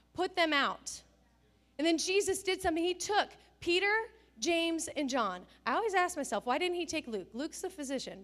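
A middle-aged woman pastor giving a sermon, telling family stories and acting out the people she quotes. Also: high-pitched. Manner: animated storytelling, acts out family scenes and quotes with bursts of laughter.

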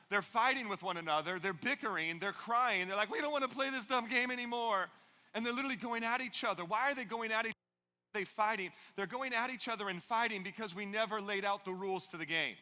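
A middle-aged male pastor preaches in a big church, his tone very bright and forceful. He sounds higher-pitched than most men and tells animated stories full of playful asides. The sound carries a long hall reverb. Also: brisk. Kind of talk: sermon. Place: large church auditorium.

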